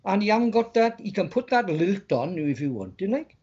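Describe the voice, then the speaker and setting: A man's voice: high-pitched, sing-song, brisk, darkish tone, husky, muffled recording. A man, chatting as a guest in a rambling, stumbling way, repeating words as he talks. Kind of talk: casual chat.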